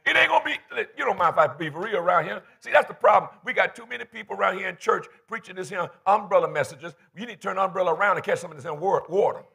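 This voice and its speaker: A man's voice: high-pitched, expressive, quick pace, vocal fry, hardly any pauses, sharp tone, breathy edge. A man in his fifties preaching a fervent, folksy sermon in church, calling for responses from the congregation. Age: 50s. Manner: colloquial, folksy phrasing. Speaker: pastor.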